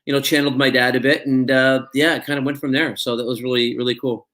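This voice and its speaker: A male actor being interviewed, telling stories in a relaxed way, acting out quoted dialogue with plenty of fillers. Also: mid-range voice, fast. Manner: anecdotal, acts out quoted dialogue, many fillers. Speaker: actor guest. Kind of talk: casual interview storytelling.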